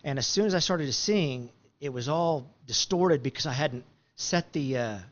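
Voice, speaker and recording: A man's voice: a little high, normal speed, muffled recording. A man telling a long story in a rambling, easygoing way, full of fillers and restarts. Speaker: guest musician. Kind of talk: casual storytelling.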